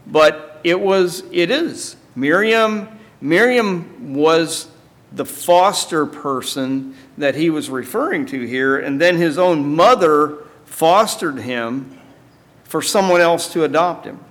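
A man preaching a sermon, reading a story aloud in a measured way with emphatic asides. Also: on the high side, expressive, fairly bright tone, long reverb tail.

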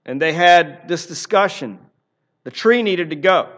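A man's voice: a little high, animated, a little slow, a bit bright. A man preaching a sermon in an earnest, emphatic way, often repeating phrases for emphasis. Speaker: pastor.

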